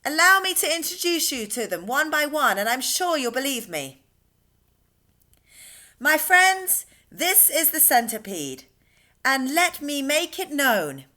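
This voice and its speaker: A woman's voice: high-pitched, sing-song, measured pace, bright, forceful tone, voice pushed up, heavily acted. A woman voicing a cheerful small boy in a storybook reading, bubbly and sing-song as he recites verse.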